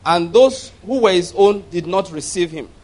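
Male pastor, fairly high-pitched, emphatic and repetitive sermon delivery. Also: expressive, moderate pace, darkish tone. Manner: emphatic, repeats and asks the audience to follow. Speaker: preacher.

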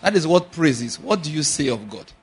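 Preaching with brisk energy, a male pastor with a husky, rather high voice drops in asides in pidgin. He dramatizes quotes, acting out small scenes as he goes.

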